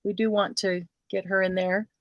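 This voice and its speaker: A woman's voice: medium pitch, level tone, normal speed, dry recording, dull audio. A woman hosting a casual craft livestream, chatting with viewers and calling them by name.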